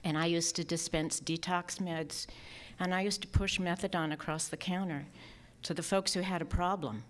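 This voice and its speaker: A woman giving a personal remembrance speech at a memorial, speaking softly and emotionally, sometimes dropping to a whisper. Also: lowish voice, steady tone, moderate pace. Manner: soft and emotional, partly whispered.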